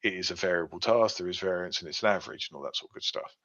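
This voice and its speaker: Talking rapid-fire in a low-pitched voice with a fairly bright tone, a man co-hosts a podcast. He walks through ideas step by step in relaxed conversation, full of fillers, on a dull lo-fi recording.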